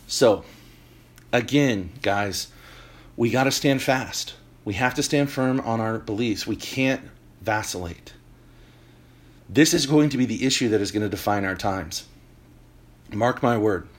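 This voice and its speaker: A man hosting a talk show, delivering an animated opinion monologue with emphatic points and joking asides. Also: on the low side, measured pace, pauses often. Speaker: podcast host.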